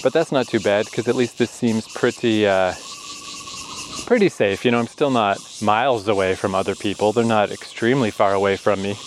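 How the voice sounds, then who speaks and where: Male hiker vlogger, lowish voice, sweaty and winded, casual self-mocking rants, faint outdoor insect noise. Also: normal speed. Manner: chatty, swearing, self-mocking grumbling. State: sweaty and short of breath from heat. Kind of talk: casual vlog narration while hiking. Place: outdoors on a forest hiking trail.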